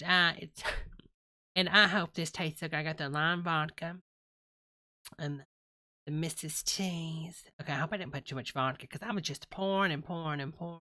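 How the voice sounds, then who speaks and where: Bright-voiced woman rambling on a comic livestream. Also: deep voice. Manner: chatty, drawling, calls viewers honey and y'all. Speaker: comic livestream host in character. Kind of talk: rambling comedic live stream chat.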